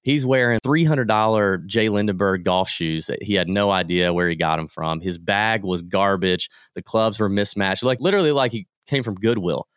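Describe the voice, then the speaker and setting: Man, podcast guest, lively storyteller, lowish voice, dry close sound. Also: moderate pace, hardly any pauses, smooth, no echo. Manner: lively anecdotes, acting out the people he quotes. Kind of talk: casual storytelling.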